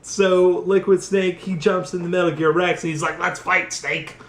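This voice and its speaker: A man's voice: sits high, fairly even intonation, moderate pace. A tipsy man rambling through a profane, casual recap of a game's story, full of fillers. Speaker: host. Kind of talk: drunk casual game recap. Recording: echoey room.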